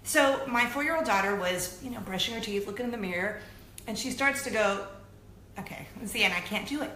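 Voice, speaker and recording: A woman in her thirties hosting a weekly web show, chatting casually to camera in an animated, self-deprecating way. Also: mid-range voice, a little fast. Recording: echoey room with faint noise.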